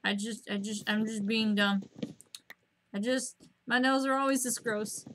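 A woman streaming a game at home, chatting to herself in a rambling, casual way and breaking into excited squeals at the animals. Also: measured pace, a little hiss or hum. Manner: rambling, self-talking, bursts of high squeals at animals.

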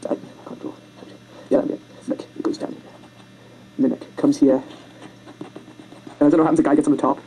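A fast-talking amateur video maker casually retelling a film over rough sketches, rambling, self-mocking, and tripping over words. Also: medium pitch, flat delivery, mellow, a little hiss or hum, poor audio. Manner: makes silly sound effects and character voices.

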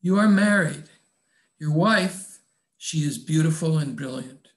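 A man voicing a tender, tearful young woman in love, speaking softly and dropping in French endearments. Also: fairly high pitch, animated, measured pace.

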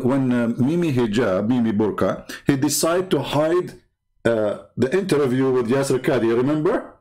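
A man's voice: mid-range voice, a little mellow. A man hosting a show, giving mocking commentary with lots of laughter and repetition. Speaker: host.

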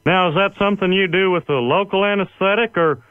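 An actor playing an uptight, awkward middle-aged cartoon husband in an animated sitcom. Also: male voice, high voice, a little fast, narrow, tinny audio, natural voice. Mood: flustered.

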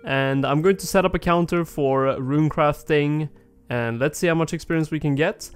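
Smooth-voiced groggy man narrating gameplay. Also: on the high side, normal speed. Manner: relaxed, thinking aloud with fillers. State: groggy, just woke up. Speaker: gaming video creator. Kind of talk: casual gameplay commentary.

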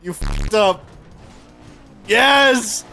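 A man's voice: sits high, drawn-out words, pushed and bright, faint music behind. A man teasing and swearing at friends while racing in a game. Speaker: co-player. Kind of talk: casual gaming banter.

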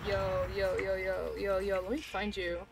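A young woman streaming live, chatting casually with her viewers in a gushing, excitable way and swearing freely. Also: mid-range voice, unhurried, gravelly. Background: music playing.

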